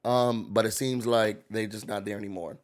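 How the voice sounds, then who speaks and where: A man's voice: on the low side, steady tone, moderate pace. A man hosting a casual, gossipy recap rant, acting out quoted voices. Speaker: YouTube recap host.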